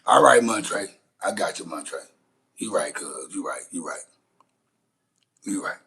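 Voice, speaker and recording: Blunt husky man ranting. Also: low voice, expressive, a little slow, bright, forceful tone, poor audio. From Shreveport, Louisiana, USA. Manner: blunt, profane, rambling with restarts. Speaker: livestream host. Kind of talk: casual livestream rant.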